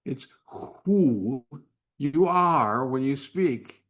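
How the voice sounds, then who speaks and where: Male host, unscripted live faith talk, measured and slow, unpolished, frequent restarts and fillers. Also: mid-range voice, expressive, a bit bright. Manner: drops to a whisper at times.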